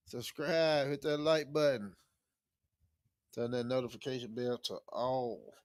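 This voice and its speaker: A young male podcast host talks easily at a medium pitch, chuckling often and chiming in with short agreements. The sound is close and dry, with no room around it. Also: steady tone, no echo. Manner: laid-back, chuckling, quick agreeing replies. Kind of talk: casual podcast chat.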